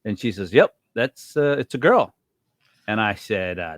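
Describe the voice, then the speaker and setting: A man's voice: a little slow, dry recording. A middle-aged man co-hosting a podcast, telling stories in casual chat and acting out quotes with big jumps in his voice. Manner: animated storyteller, acts out quotes with big pitch jumps. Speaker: podcast co-host.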